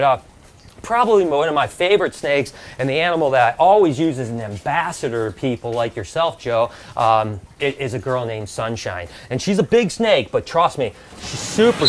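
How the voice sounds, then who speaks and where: A man's voice: medium pitch, lively intonation, normal speed, bright, forceful tone, slight background noise. A man hosting a reptile show, casually showing snakes to a guest and coaxing him to touch them.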